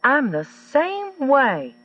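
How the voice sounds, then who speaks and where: Brief: male narrator doing a touchy woman dispatcher, raised pitch, clipped and terse, distant mic. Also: huge pitch swings, extremely slow, no echo, muffled recording, heavily acted. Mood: tense. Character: prickly hot-tempered woman police dispatcher.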